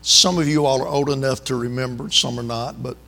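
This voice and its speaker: A man's voice: mid-range voice, fairly even intonation, a little fast, gravelly, sharp tone, in a large hall. A man, preaching a sermon in a folksy, storytelling way with asides to the congregation.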